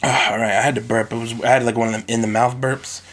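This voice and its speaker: A man hosting a solo podcast recorded on a phone, ranting in an animated, profane way. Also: mid-range voice, fast. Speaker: podcast host.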